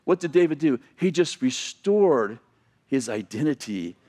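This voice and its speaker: A man's voice: medium pitch, very animated, a little slow, a little mellow. A man preaching a sermon as a pastor, retelling a story conversationally with asides and self-corrections.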